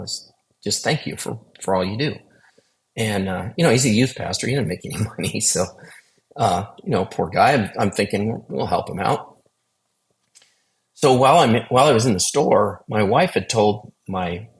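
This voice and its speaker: Man, low gravelly voice, earnest storytelling testimony, casual interview. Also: poor audio. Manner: earnest, conversational, acts out quoted dialogue. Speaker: guest sharing testimony.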